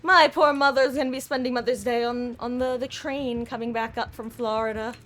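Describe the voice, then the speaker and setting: A woman's voice: fairly high pitch, fairly even intonation, brisk, a bit bright, slight background noise. A woman streaming a game live, chatting with viewers in a rambling way, often stammering and restarting when frustrated. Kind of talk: live gaming stream chat.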